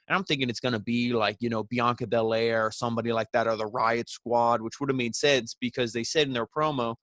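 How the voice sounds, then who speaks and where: A man's voice: mid-range voice, steady tone, quick pace, a bit bright, no room sound, studio quality. A man casually recapping a wrestling show, chatty and full of fillers, with sarcastic asides.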